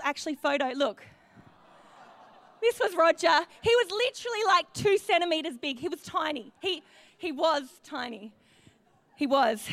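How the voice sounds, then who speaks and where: An Australian woman in her thirties telling a personal story to a church congregation, acting out her own quoted thoughts with lively energy. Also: sits high, no echo. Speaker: church speaker.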